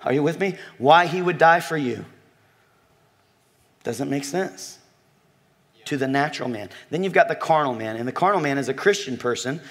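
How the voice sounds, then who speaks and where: A man preaching a sermon to a congregation, animated and joking, telling a story and talking directly to his listeners. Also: on the high side, normal speed, long pauses. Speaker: pastor.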